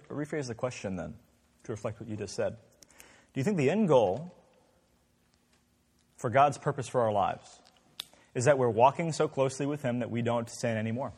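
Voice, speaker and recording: A man's voice: mid-range voice, expressive, normal speed, pauses often, a little mellow, husky, long reverb tail. A man leading an interactive Bible class, asking the group many questions in a conversational way. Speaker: Bible study teacher.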